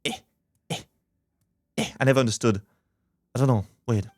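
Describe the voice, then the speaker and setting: A man's voice: medium pitch, moderate pace, a little mellow, no room sound. A man streaming a game, chatting casually and crudely with a joking, laughing manner, close to a desk mic.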